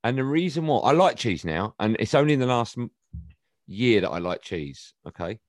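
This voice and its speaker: A middle-aged English man chatting on a podcast, telling stories with a teasing, animated manner. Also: medium pitch, normal speed, no room sound, studio quality. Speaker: guest. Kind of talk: casual podcast chat.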